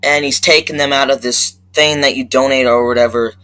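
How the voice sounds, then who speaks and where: A man giving a rambling, profane movie review rant that keeps flaring up into loud outbursts. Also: mid-range voice, fairly even intonation, brisk, rough recording.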